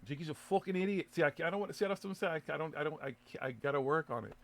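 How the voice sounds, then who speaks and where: A man's voice: fairly high pitch, expressive, very fast, a bit bright. A man hosting a live internet radio show, chatting loosely with lots of swearing, laughter and stumbling restarts. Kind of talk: casual live show banter.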